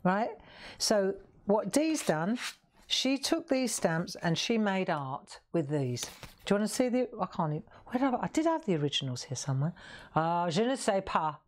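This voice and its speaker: A middle-aged woman hosts a live craft stream in a medium-pitched, darkish voice with big pitch swings, at a moderate pace, over a little hiss or hum. She jokes and chats playfully with viewers, singing snippets as she shows her work.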